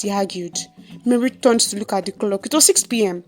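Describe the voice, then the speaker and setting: A Nigerian woman tells a story in an expressive, dramatic narrating voice. Her pitch sits in the middle of the range. Soft music plays faintly behind her. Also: fairly quick.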